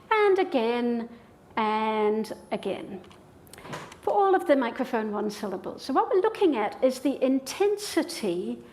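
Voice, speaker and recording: A woman's voice: on the high side, a little mellow. A woman professor giving a public lecture in a hall with an audience, explaining ideas step by step in an enthusiastic way.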